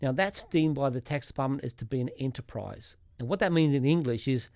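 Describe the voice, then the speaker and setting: A man's voice: medium pitch, a little fast, creaky, darkish tone, dry recording. A man, a tax accountant explaining rules step by step with worked examples on a podcast. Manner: methodical, walks through examples step by step.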